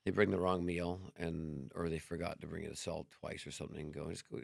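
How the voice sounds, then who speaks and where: A middle-aged man, a guest on a chat show, telling stories in a lively way, acting out both sides of conversations and swearing freely. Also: low-pitched, fairly quick, few pauses, no room sound, clean studio sound. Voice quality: gravelly. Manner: animated, acts out dialogue, swears freely. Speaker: podcast guest. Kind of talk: casual storytelling chat.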